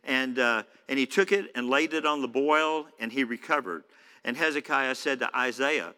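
Bright-voiced male pastor in echoey hall. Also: medium pitch, animated, normal speed, clear, resonant tone. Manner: conversational preaching with many fillers. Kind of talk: sermon. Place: church hall.

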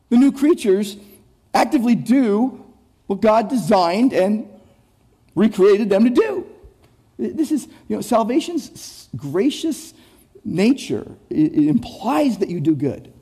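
A man's voice: high-pitched, lively intonation, slow, mellow, slightly rough. A man preaching an expository sermon, emphatic and repetitive, often restarting words and speaking straight to his listeners. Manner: emphatic, repetitive phrasing with frequent word restarts; rhetorical, addresses listeners directly. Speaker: pastor.

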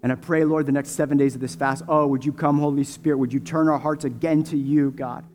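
Impassioned high-voiced preacher over soft music. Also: male voice, fairly even intonation, a little fast. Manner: swings from hushed prayer to loud impassioned preaching. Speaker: pastor. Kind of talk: sermon and prayer.

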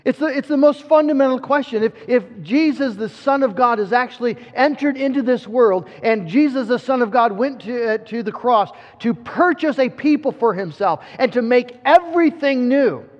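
A man's voice: very high-pitched, expressive, moderate pace, few pauses. A man preaching a sermon with earnest emphasis, often repeating words as he restarts a thought. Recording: muffled sound with long hall reverb.

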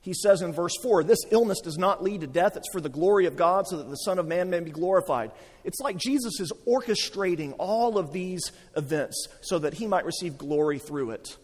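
A man preaching a sermon, swinging between loud emphatic lines and hushed, slow low passages. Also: lively intonation, long reverb tail. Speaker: pastor.

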